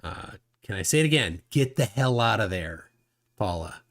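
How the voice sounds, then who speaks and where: A man's voice: lowish voice, lively intonation, a bit bright. A man hosting a livestream, talking casually and hesitantly with many fillers while reading viewer comments. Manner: unhurried, halting with many fillers. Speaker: livestream host. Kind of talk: casual live-stream commentary.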